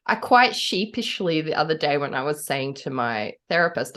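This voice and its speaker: A woman from a Commonwealth country co-hosting a podcast in casual chat, giggly and animated, often slipping into playful voices. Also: deep voice, normal speed. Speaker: podcast co-host.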